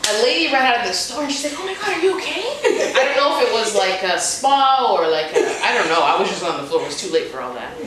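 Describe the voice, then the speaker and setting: Animated woman telling a story, echoey. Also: mid-range voice, fast, few pauses, a crowd in the background. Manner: laughing, acts out quoted voices. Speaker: guest, coaching client. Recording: echoey room, distant mic, noisy.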